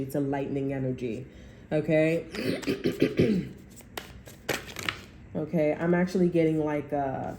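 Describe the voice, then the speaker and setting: Woman, tarot reader, low dark voice, rambling chatty talk, echoey room, faint hiss. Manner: rambling, chatty, often checking in with "okay?". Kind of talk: casual tarot reading.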